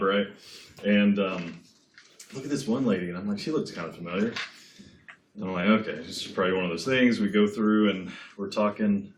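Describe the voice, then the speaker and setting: Over slight background noise in an echoey classroom, a man with a fairly low voice lectures casually. He's talkative and prone to digressions, often pausing to check in with the students.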